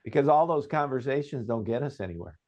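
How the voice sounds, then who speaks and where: A man's voice: mid-range voice, expressive, fast talker, darkish tone. A man hosting an interview podcast, speaking in an affirming, conversational way. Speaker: podcast host, vocal coach. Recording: dull, slightly muffled audio.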